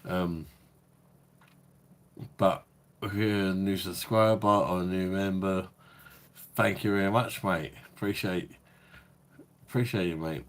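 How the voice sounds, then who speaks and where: A man's voice: sits low, slow, pauses often. A man hosting a casual live stream, tipsy from drinking, rambling and swearing as he chats. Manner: swearing, rambling banter with chat. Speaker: beer review livestream host.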